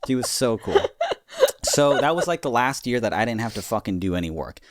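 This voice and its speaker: A man's voice: medium pitch, lively intonation, a little fast, background noise. A man co-hosting a comedy podcast, telling a rambling, profane story full of filler words. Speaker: podcast co-host.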